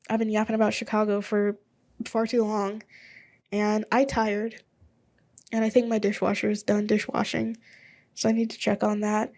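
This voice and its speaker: A woman in her twenties hosting a casual solo podcast, rambling and chatty, thinking out loud as she goes. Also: a little high. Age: 20s. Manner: rambling, chatty, thinks aloud while looking things up. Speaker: podcast host.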